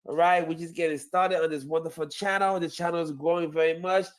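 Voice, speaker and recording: A man's voice: on the high side, steady tone, fairly quick. A man hosting his own channel, chatting casually about sports and reacting to a clip, laughing often and repeating himself. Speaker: channel host.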